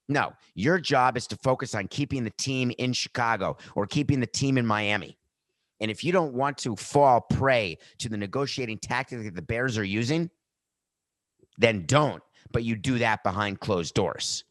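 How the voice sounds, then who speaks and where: A man's voice: lowish voice, a little fast, dry recording. Sarcastic middle-aged male podcast host. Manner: sarcastic, animated rants with mock quotes. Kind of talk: opinionated sports commentary. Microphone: studio microphone with earpiece.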